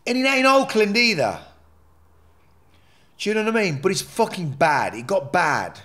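A man telling his life story as a podcast guest, animated and profane, rambling with frequent restarts. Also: sits high, moderate pace. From England. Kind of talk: candid interview storytelling.

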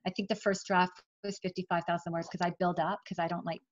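A middle-aged woman, an author, telling the story of her writing career in a chatty, animated way during an interview. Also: on the low side, quick pace, dull audio. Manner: chatty, animated, emotional at times. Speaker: author guest.

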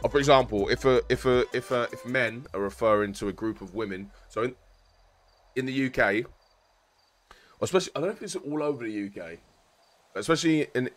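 A man's voice: mid-range voice, a bit bright. A man from South East London with a London accent, chatting casually to his stream viewers in a rambling, explaining way with some swearing.

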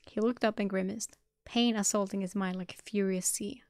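A woman streamer narrates a novel in a steady, even way. Her voice sits at a middle pitch. The recording is dry, with little room sound. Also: fairly quick, hardly any pauses, dry recording. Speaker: streamer reading a novel aloud. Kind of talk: audiobook reading.

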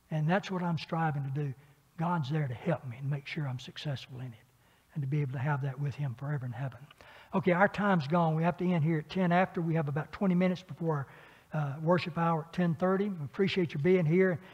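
A man teaching a Bible class in a church, talking conversationally with frequent filler pauses and questions for the class. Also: a little high, darkish tone, slightly rough. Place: church meeting room. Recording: dull, echoey church room recording.

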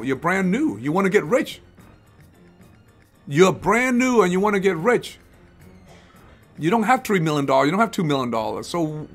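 A man's voice: fairly high pitch, breathy edge. A man hosting a live investing show in casual talk, rambling and often restarting his phrases as he acts out other people's words.

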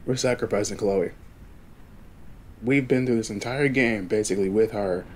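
A man's voice: on the low side, moderate pace, slight background noise. A young man hosting a game let's play, chatty and talking straight to his viewers. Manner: chatty, addresses viewers directly. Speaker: gaming channel host.

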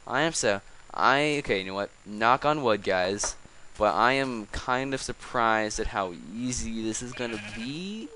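A man's voice: mid-range voice, unhurried, few pauses, bright, forceful tone, a little hiss or hum, low-quality recording. A man giving casual gameplay commentary, coaxing animals along with exasperated, chatty asides. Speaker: let's play host.

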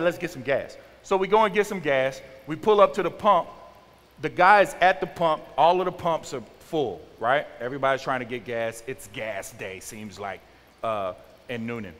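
A man in his forties, a youth pastor giving an animated sermon and acting out teenagers' talk. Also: fairly high pitch. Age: 40s. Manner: animated, acts out teen slang with exaggerated voices. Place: church sanctuary. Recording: large hall with long reverb.

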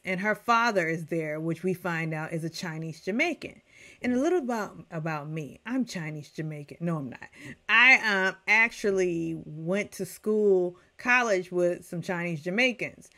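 Chatty middle-aged woman ranting. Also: on the low side. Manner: chatty, animated, addresses viewers directly. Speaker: TV recap reviewer. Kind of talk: casual rant.

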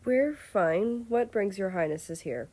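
A woman voicing a calm, formal young guard. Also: medium pitch, slow pace, voice pushed up. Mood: polite. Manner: formal, polite and even. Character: calm reserved young male royal guard.

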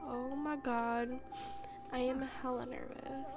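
High voiced girl narrating her game, slow and excitable, gasps and little whispers. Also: over music. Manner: excitable, gasping exclamations and whispered asides. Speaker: let's play gamer. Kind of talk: casual gameplay commentary.

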